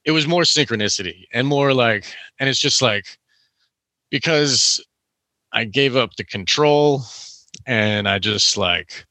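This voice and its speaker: Bright-voiced man rambling casually. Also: medium pitch, measured pace, no room sound. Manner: rambling, heavy use of "like" and "you know". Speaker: guest telling a story. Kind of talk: casual storytelling chat.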